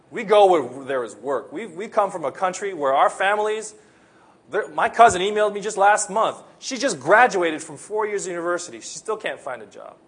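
Husky man preaching. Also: high voice, fairly bright tone. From Philippines. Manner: earnest, conversational preaching. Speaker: pastor. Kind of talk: sermon.

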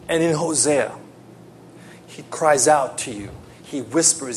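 A man preaching a sermon, telling a personal story and swinging between loud pleading and hushed tones. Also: a little high, measured pace, slight background noise.

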